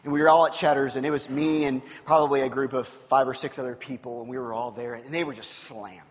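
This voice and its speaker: A man's voice: medium pitch, flat delivery, fast talker. A man preaching a sermon, telling a personal story in a conversational way with frequent restarts. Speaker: pastor. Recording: long hall reverb with soft guitar music.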